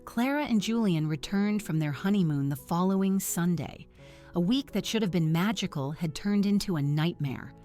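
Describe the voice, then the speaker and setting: Middle-aged woman, scripted story narration, earnest, measured, slightly low voice. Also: expressive, dark tone, faint music behind.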